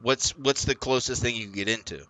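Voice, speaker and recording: A man's voice: mid-range voice, brisk, heavy background noise. A man co-hosting a casual show, chatting and pressing for straight answers. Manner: earnest questioner, pushes for straight answers. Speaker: podcast co-host. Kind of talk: casual chat.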